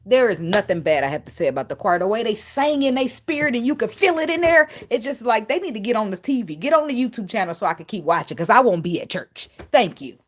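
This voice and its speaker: A woman's voice: on the high side, expressive, quick pace, hardly any pauses. A woman tarot reader in a casual spiritual vlog, talking bluntly and emphatically, swearing freely and laughing often.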